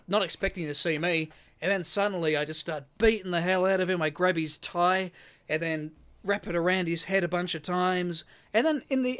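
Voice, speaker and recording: Young man, podcast co-host, rambling storyteller, swears a lot, voice a bit high. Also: clear, resonant tone. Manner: lively storyteller, swears freely, acts out quotes. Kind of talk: casual podcast chat.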